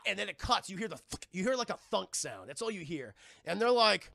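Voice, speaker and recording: A man streaming live, recapping a film casually, profane and excitable, and talking to his chat throughout. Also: high voice, brisk, vocal fry, dry recording, clean studio sound.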